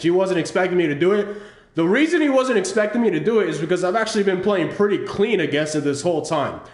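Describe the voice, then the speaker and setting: Male host, slightly raised pitch, roomy sound, talks through gameplay footage in an unpolished, explanatory way. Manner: explanatory, halting with restarts and fillers. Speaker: channel host analyzing his own match. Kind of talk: casual gameplay commentary over footage.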